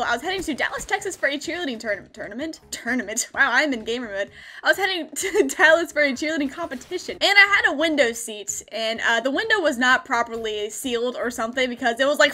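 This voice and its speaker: A high-voiced young woman in her twenties chats through a storytime vlog with lots of energy. Her tone is bright and crisp, and she slips in giggles and mock-dramatic voices as she tells it. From United States. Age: 20s. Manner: animated, laughing, acting out her own lines. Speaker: gaming YouTuber.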